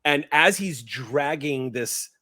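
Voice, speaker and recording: A man's voice: on the high side, animated, slow, sharp tone. A man narrating a tabletop horror game as game master, vivid and easy to laugh.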